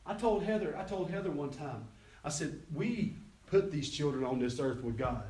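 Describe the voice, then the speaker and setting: A man's voice: mid-range voice, lively intonation, a little fast, darkish tone. A middle-aged man preaching a sermon as pastor, telling folksy stories with quoted dialogue. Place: church sanctuary. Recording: echoey hall, distant mic.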